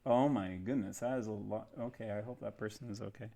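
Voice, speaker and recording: Guy rambling on his game cafe stream, kinda low voice, lots of ums, webcam mic. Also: fairly even intonation, fairly quick, creaky, warm tone. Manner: rambling, filler-heavy, self-deprecating. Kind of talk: casual livestream chat. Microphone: webcam mic, testing placement.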